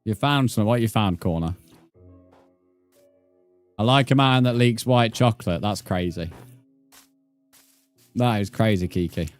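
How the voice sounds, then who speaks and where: A young man chats loosely through a live gaming stream, teasing and answering viewers with plenty of swearing and laughter. His voice sits on the low side, with faint music playing behind him. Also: unhurried, long pauses, smooth. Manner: banters with chat, swears, laughs often. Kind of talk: casual live-stream chat while gaming.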